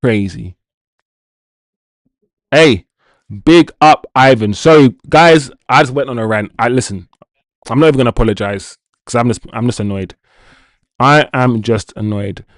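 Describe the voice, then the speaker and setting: A man's voice: mid-range voice, lively intonation, a little slow, long pauses, dry recording, studio quality. A young man hosting a football watch-along stream, ranting, swearing and talking to his chat. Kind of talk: live-stream commentary and chat.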